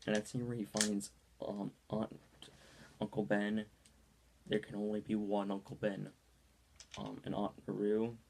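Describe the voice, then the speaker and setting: A man's voice: on the low side, completely flat delivery, unhurried, vocal fry, pauses often, darkish tone, a little hiss or hum. A young man giving a casual movie review in a rambling style, full of ums and likes.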